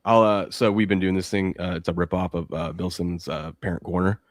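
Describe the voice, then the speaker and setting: A man hosting a sports betting show, chatting casually and telling animated stories. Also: low-pitched, no echo. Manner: animated storytelling, reads ad copy quickly.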